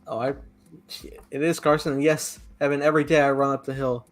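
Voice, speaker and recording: A man hosting a podcast, telling stories casually in an animated, joking way. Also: medium pitch, brisk, faint music behind. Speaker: podcast host. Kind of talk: casual chat.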